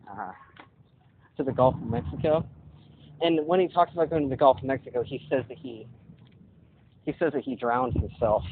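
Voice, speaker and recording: A young man rambling while walking outdoors, thinking aloud with lots of fillers, recording a vlog on his phone. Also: mid-range voice. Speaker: vlogger. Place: outdoors walking along a street. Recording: tinny phone-like audio with noise.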